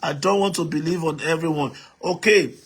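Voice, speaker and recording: A man's voice: fairly high pitch, normal speed, breathy edge. A Nigerian man hosting a live stream, reading out viewer comments and urging the audience to write in, switching between English, Pidgin and Yoruba.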